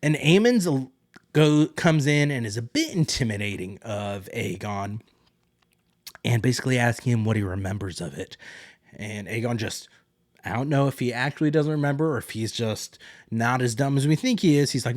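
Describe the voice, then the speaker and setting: A man's voice: mid-range voice, animated, brisk, dry recording, clean studio sound. A young man hosting a podcast alone, chatting through a recap in a rambling way and acting out quotes. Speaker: podcast host. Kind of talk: solo casual recap.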